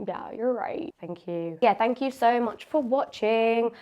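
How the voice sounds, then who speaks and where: A woman's voice: a little high, unhurried, hardly any pauses, dull audio. A young woman vlogging casually, switching between earnest talk and silly jokes. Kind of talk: casual vlog chat.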